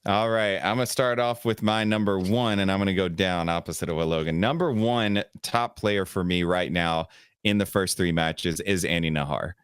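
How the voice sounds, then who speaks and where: A man co-hosting a casual sports podcast, laying out his picks in a measured way. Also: low-pitched, clear, resonant tone, dry recording, studio quality. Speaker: podcast co-host.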